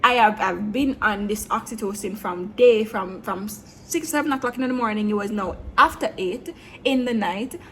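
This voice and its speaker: A young woman telling a storytime vlog, blunt and animated, slipping between patois and standard English. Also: medium pitch, moderate pace, a little hiss or hum. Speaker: vlogger. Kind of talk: storytime monologue.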